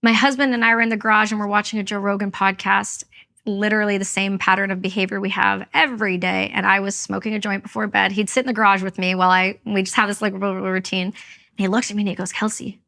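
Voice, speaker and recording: Woman, from canada, gravelly voice, middle pitch, candid, emphatic, interview guest. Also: level tone, quick pace, bright, forceful tone. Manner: candid, emphatic, acts out quoted speech. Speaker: podcast guest, army veteran. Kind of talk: personal storytelling in interview.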